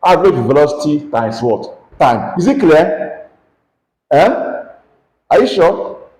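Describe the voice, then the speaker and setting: Nigerian man teaching physics, lively. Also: fairly high pitch, slow, reverberant, low-quality recording. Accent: Nigerian English. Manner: questioning, coaxing students to answer aloud. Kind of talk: classroom lesson with call-and-response questions.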